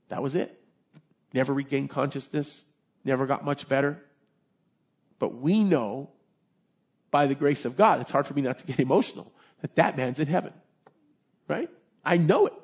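A man preaching with passion and a slightly high voice, turning to the congregation with quick asides. The recording is muffled and lo-fi. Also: husky. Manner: impassioned, conversational preaching with audience asides. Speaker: pastor. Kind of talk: sermon.

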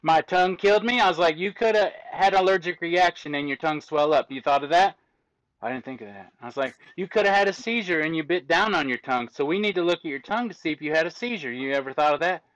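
A fairly high-voiced man tells stories in a lively way, mimicking the people he argues with. The recording sounds dry and a bit dull, with little room around the voice. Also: fast, hardly any pauses, no room sound. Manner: lively storyteller acting out exchanges with commenters. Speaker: autopsy technician guest. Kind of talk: casual conversational explaining.

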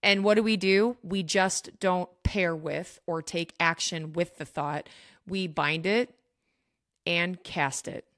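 A woman's voice: lowish voice, steady tone, takes it slowly, fairly bright tone, no room sound, clean studio sound. A woman hosting a faith podcast, talking earnestly and emphatically straight to her listeners. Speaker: podcast host. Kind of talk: faith teaching podcast talk.

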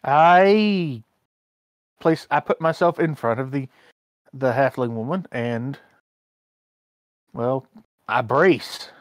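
A player speaking in character in a tabletop game, wry and unhurried. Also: medium pitch, no room sound.

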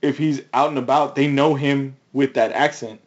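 A man's voice: mid-range voice, fairly even intonation, normal speed, muffled recording. A man co-hosting a casual chat, rambling in loose runs and laughing often. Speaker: podcast co-host.

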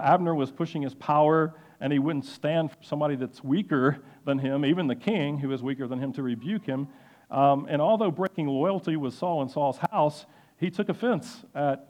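A man giving a sermon-style Bible lesson, halting with many fillers and restarts. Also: fairly high pitch, darkish tone, highs cut off. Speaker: Bible teacher.

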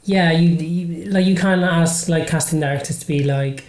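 A woman's voice: low voice, normal speed, a little mellow. A woman hosting a podcast interview, talking hesitantly with many fillers. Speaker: podcast host. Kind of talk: casual interview chat. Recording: roomy echo.

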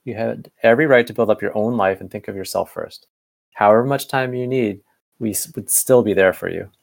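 A wisecracking grown man, teasing and fond, as a man reads him in a fan fiction reading. The voice sits somewhat low and is deeply gravelly, with a dry, ribbing edge to every line. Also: brisk. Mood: reassuring.

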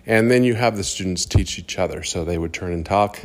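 A man with a low voice talks fairly quickly about his classroom methods as a third-grade teacher. His manner is casual and rambling, full of fillers.

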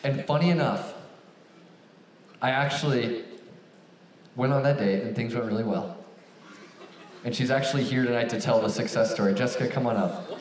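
A young man giving a storytelling sermon to a live audience, acting out a phone call with animated raised voices. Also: mid-range voice, moderate pace, pauses often, a little hiss or hum. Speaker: campus ministry speaker. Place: large hall with an audience. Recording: echoey hall, picked up from a distance.

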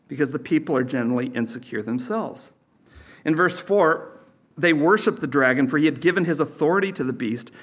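Man preaching a conversational sermon. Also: a little high. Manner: conversational teaching with sarcastic asides and chuckles. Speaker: pastor.

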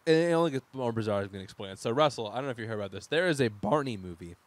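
A man's voice: medium pitch, animated, rapid-fire, dry recording. Joking young man hosting a chat. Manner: joking, laughs often, stumbles and restarts. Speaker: podcast host. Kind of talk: casual chat.

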